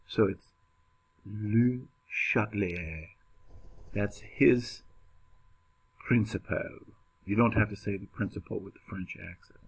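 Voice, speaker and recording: A man gives a chemistry lecture at an unhurried pace, his voice sitting on the low side. He talks casually, cracks small jokes and fills gaps with ums and uhs. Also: gravelly, breathy edge. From United States. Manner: casual, joking, with many fillers and restarts. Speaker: chemistry teacher. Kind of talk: classroom lecture.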